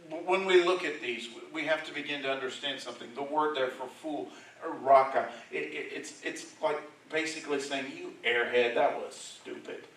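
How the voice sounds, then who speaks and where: A man's voice: fairly high pitch, normal speed, few pauses. Man preaching in an echoey church. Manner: conversational preaching, frequent "right?" check-ins, rising to loud emphatic stretches. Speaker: pastor. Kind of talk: sermon. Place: church sanctuary. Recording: very echoey church hall, mic far off, faint hiss.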